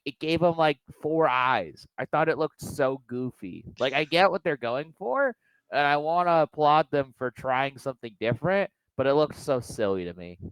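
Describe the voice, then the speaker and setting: A man's voice: fairly high pitch, clean tone, no room sound, poor audio. A man co-hosting a casual wrestling review podcast, blunt and opinionated in his takes. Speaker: podcast co-host.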